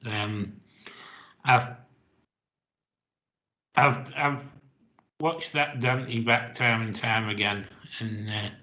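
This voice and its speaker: A man's voice: mid-range voice, steady tone, drawn-out words, pauses often, bright, forceful tone, muffled recording. A man on a racing panel, terse and to the point. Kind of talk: casual racing tipster chat.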